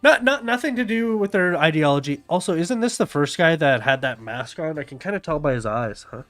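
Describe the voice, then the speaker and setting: A man's voice: fairly high pitch, lively intonation, a little fast, a bit bright, faint music behind. A man streaming a casual rant commentary over videos, blunt and profane, often sneering and laughing. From Canada.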